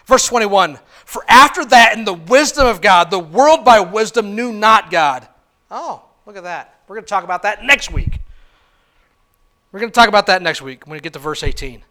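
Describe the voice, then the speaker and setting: A man preaching in church with a very high, bright and forceful voice. He swings between hushed passages and loud, shouted ones, and keeps putting questions to the congregation. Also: animated, moderate pace. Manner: asks the congregation many questions. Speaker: pastor. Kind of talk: sermon.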